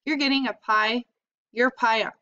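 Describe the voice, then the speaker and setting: A woman reading the lines of an excitable, scolding farm girl in a storybook, on a slightly dull recording. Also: on the high side, unhurried, clear, resonant tone. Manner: scolding, exclaiming.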